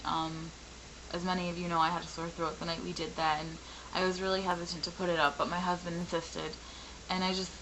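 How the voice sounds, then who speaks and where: A woman in her twenties, a little raspy from a sore throat, talking candidly in a rambling personal vlog. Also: lowish voice, pushed and bright, slight background noise, low-quality recording. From Michigan, US. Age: 20s. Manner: candid, frustrated, rambling with many fillers. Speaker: vlogger.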